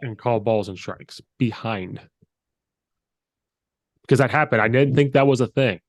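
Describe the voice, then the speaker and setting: A man's voice: mid-range voice, measured pace, no room sound. Dry-sounding male podcast host. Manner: storyteller who acts out dialogue. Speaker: podcast host and high school coach. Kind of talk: casual chat.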